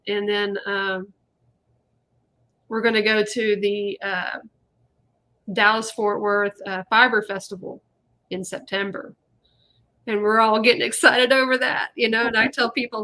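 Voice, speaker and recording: A woman's voice: medium pitch, level tone, normal speed, sharp tone. A woman hosting a casual live chat, rambling and chatty with lots of fillers. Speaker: host.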